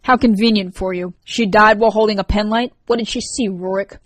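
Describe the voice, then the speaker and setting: A sharp-tongued teenage girl accuses with cold bite, in a woman's audiobook voice. Her words come clipped and pointed. The recording is dry. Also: mid-range voice, steady tone, a little fast, no room sound, close to an everyday voice. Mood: accusing. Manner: cutting, accusatory.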